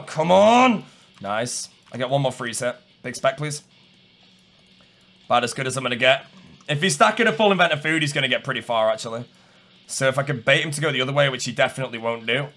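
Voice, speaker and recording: A young man giving live gameplay commentary, chatting to his viewers, calm and muttering one moment and shouting the next. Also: mid-range voice. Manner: chatty, talks to viewers and opponents. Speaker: gaming streamer.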